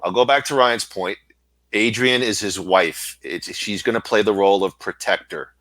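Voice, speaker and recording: Low, bright-toned, thoughtful man. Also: normal speed, no echo, low-quality recording. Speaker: podcast guest. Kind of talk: casual film discussion.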